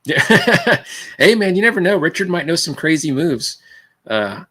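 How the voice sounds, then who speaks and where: This Californian livestream host has a fairly high, bright, forceful voice with a slight roughness, big pitch swings, and a somewhat slow pace. He rambles casually between thoughts, laughs often, and calls viewers "man" and "dude."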